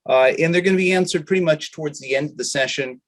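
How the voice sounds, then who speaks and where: A man co-hosting an online webinar, giving welcomes and housekeeping notes in a hesitant way with many filler pauses, over a video call. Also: on the high side. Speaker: webinar co-host. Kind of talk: casual online meeting chat and housekeeping announcements.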